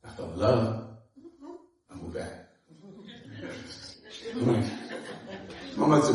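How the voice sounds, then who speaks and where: A man's voice: on the low side, measured pace, long pauses. A pastor, preaching a sermon full of stories, acting out dialogue with laughter in his voice. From New York. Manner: animated, acts out dialogue, laughs often. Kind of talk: sermon with storytelling. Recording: echoey room from far off.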